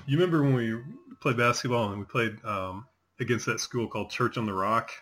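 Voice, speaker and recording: A man's voice: medium pitch, fairly quick, fairly bright tone. A man in his forties chatting casually as a host, telling rambling stories with many fillers. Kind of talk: casual chat.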